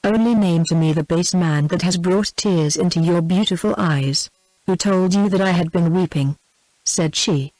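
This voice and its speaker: A woman's voice: lowish voice, moderate pace, no echo, low-quality recording. Synthetic British woman reading a novel. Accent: British English. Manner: even synthetic reading, reads punctuation aloud. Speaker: audiobook reader. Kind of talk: text-to-speech audiobook narration.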